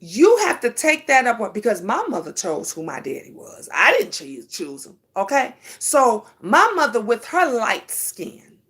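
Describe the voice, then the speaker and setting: A middle-aged woman, telling a casual story to her viewers in an emphatic, animated way. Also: a little high, a little slow. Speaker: vlogger.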